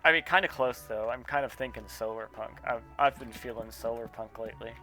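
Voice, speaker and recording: A man's voice: medium pitch, brisk, pushed and bright. A man in a casual gaming chat, wry and teasing with his friends. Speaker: friend on game server. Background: game music.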